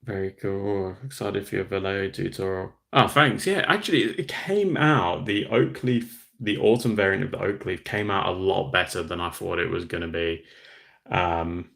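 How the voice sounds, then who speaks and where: With a deep, gravelly, fairly bright voice at normal speed, a young man from Western Australia hosts a relaxed livestream. He talks easily while reading out viewer comments and responding to them.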